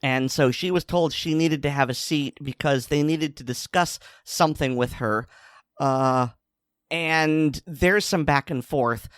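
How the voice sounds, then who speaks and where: On the high side and a bit bright, this man's voice comes through with studio quality and no echo. As a podcast co-host, he relays a news story casually, with a sardonic edge.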